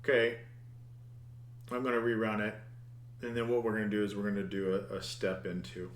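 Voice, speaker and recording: Flat and brisk, his voice on the low side with a roomy sound, a man records a coding lesson from his screen. He thinks aloud as he teaches, muttering at the code and restarting his phrases.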